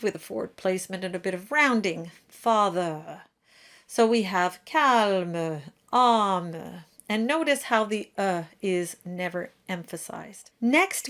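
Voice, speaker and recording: A woman giving a pronunciation lesson for singers, demonstrating each sound slowly and precisely. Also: mid-range voice, a bit bright. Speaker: diction teacher. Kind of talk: pronunciation tutorial.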